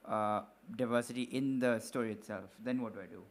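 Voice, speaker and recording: A man in the audience asking a halting question, pausing often. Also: on the low side, steady tone. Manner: halting, many "uh" pauses. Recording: quiet voice far from the mic.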